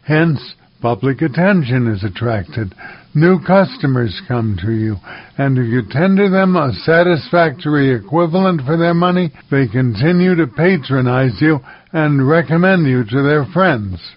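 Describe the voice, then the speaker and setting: A man's voice: medium pitch, expressive, a little slow, highs cut off. A man hosting a storybook reading for children, in a dramatic, declamatory reading style. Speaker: storyteller host.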